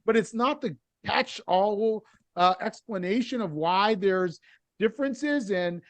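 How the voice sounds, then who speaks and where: Earnest high-voiced middle-aged man. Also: slow pace, no echo. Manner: earnest, explanatory, many restarts. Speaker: podcast guest, author. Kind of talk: casual interview conversation.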